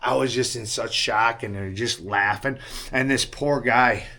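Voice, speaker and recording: A man's voice: mid-range voice, steady tone, measured pace, bright, forceful tone. A man telling a story in a casual, rambling way, swearing often and checking in with the listener, sheepish and rueful. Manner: rambling, swears often, keeps asking "right?".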